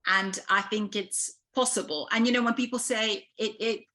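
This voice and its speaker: A woman's voice: medium pitch, fairly even intonation, normal speed, pushed and bright. A woman with a Serbian accent, a casting director speaking frankly in an interview, with many fillers and restarts. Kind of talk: interview conversation.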